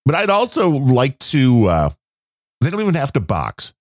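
A man hosting a podcast, chatting loosely and cracking jokes between listener shout-outs. His pitch moves around a lot as he talks, and the sound is dry and close. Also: wildly swooping pitch, moderate pace, no room sound. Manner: joking, rambling, laid-back. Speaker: podcast co-host. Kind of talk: casual podcast chat reading listener support.

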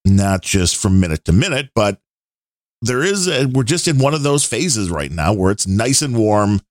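A man hosting a casual talk show, chatting in an opinionated way with fillers and pauses. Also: on the low side, very animated, no room sound, studio quality. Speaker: podcast host. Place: Chicago area.

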